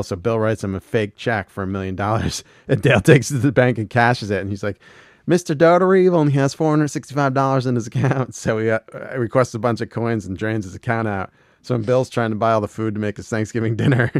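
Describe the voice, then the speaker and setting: A man's voice: lowish voice, fairly even intonation, a little fast, no echo, studio quality. A man co-hosting a podcast, casually retelling TV episodes with laughs, swearing and acted-out quotes. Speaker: podcast co-host.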